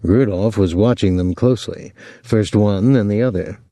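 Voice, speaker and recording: A man narrating a novel as an audiobook, reading in a measured, expressive way. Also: fairly low pitch, no echo, studio quality. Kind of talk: scripted narration.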